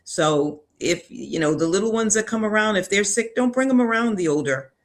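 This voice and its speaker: A man's voice: sits high, expressive, normal speed. Earnest man giving health advice. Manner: earnest advice, light laughs. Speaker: health guest. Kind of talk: casual health discussion.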